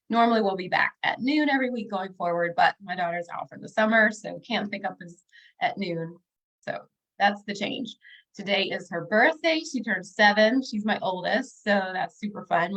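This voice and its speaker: A woman's voice: medium pitch, fairly bright tone, rough recording. A woman in her thirties, a bookkeeper and business coach, talking casually and upbeat to viewers on a livestream, with plenty of fillers. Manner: chatty and upbeat, with frequent fillers, speaking directly to viewers.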